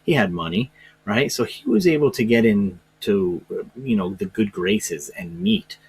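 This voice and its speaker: A man's voice: on the low side, sing-song, unhurried, vocal fry, a little mellow, breathy edge. A man teaching social studies in a casual, rambling way, full of fillers and restarts. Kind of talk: informal classroom lecture.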